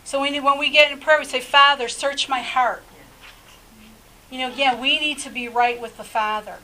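A woman delivers a sermon in a loose, chatty manner, speaking directly to her congregation and circling back over her words. Her voice sits a little high, with a faint hiss of noise behind it. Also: steady tone, quick pace, bright, forceful tone, low-quality recording. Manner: conversational, repeats words and restarts, direct address to listeners. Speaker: preacher.

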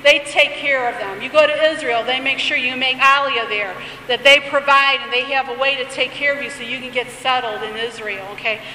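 A woman's voice: sits high, fairly quick, hardly any pauses, sharp tone, recorded from a distance, slight background noise. A woman teaching a sermon, reading prayers aloud and then explaining them in a conversational way. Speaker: Bible teacher. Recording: echoey hall, faint ambience.

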